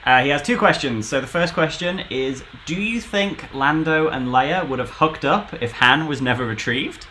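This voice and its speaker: Bright-voiced man reading listener questions. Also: a little high, animated, normal speed, few pauses, slight background noise. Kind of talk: casual live-stream chat.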